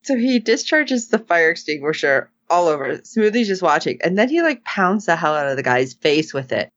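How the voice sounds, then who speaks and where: A woman chatting through a recap in a lively, swooping voice that sits on the lower side. She slips into quick put-on voices for the characters. The sound is dry and a little dull, like a lo-fi home mic. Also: dry recording. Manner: animated, acts out characters' lines with voices. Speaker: podcast co-host. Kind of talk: casual recap chat.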